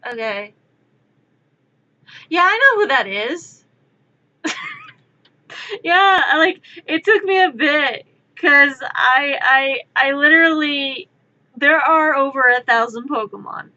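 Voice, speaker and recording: A young woman streamer chatting casually, rambling into animated storytelling. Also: sits high, takes it slowly, long pauses, muffled recording. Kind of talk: casual chat while drawing. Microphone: streaming mic.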